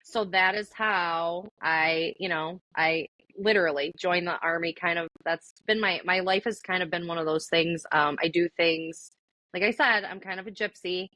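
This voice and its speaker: A woman's voice: on the low side, steady tone, normal speed, pushed and bright, no echo. A young adult woman telling her story as an interview guest in a casual, chatty way, full of likes and ums. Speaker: interview guest, army veteran.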